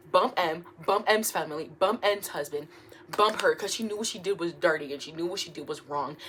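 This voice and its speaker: A young woman with a mid-range voice reads online stories aloud in her room at home, with slight background noise. She's casual and animated, breaks away for laughing asides and jokes, and trips over words.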